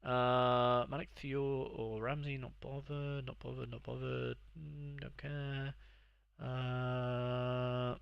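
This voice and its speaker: A man's voice: mid-range voice, creaky, smooth, no room sound, lo-fi sound. A young man streaming live, rambling and sarcastically mocking himself as he chats. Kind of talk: live gaming stream chat.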